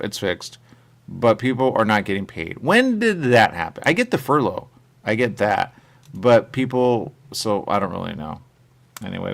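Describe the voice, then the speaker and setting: A man's voice: fairly low pitch, creaky, a bit bright. A man hosting a talk radio show, rambling casually and quoting people in little voices, often saying "there you go". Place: radio studio.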